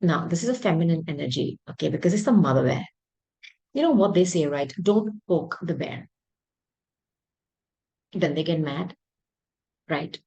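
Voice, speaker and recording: A woman reading tarot cards for her viewers, talking in an emphatic, intuitive way, often repeating words and clearing her throat. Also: low voice, animated, moderate pace, long pauses, mellow, lo-fi sound. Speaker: tarot reader.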